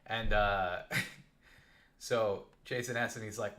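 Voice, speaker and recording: A man's voice: on the low side, slow, pauses often. Rambling young man streaming a game. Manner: rambling and animated. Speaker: gaming live streamer. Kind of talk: casual storytelling while playing.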